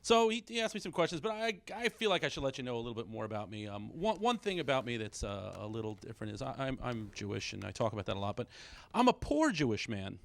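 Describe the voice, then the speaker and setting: A middle-aged man doing a stand-up comedy set, self-deprecating, with quick punchlines and short bits where he acts out his kids. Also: mid-range voice, sing-song, vocal fry, no echo. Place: small comedy stage with a live audience.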